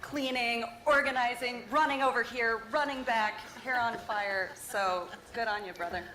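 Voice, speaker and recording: A woman's voice: a little high, normal speed, reverberant, background noise. A woman judging food at a contest, casual and joking, a former contestant.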